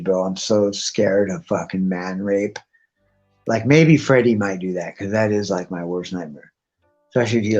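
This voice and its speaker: A man's voice: lowish voice, creaky, darkish tone. A man chats loosely on a live stream, cussing nearly every sentence as he rambles from one thought to the next. The audio is dull and lo-fi, with faint music playing underneath. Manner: profane, rambling, swears constantly. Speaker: guest on a live stream chat. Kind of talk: casual rambling chat.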